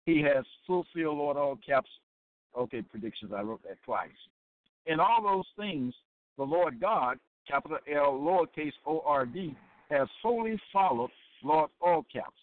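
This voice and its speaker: A man giving a sermon-style Bible lesson, deliberate and repetitive, often stopping to check that listeners follow. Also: on the high side, lively intonation. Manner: deliberate and repetitive, with many fillers and check-ins. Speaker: Bible teacher. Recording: tinny phone-like line, dry.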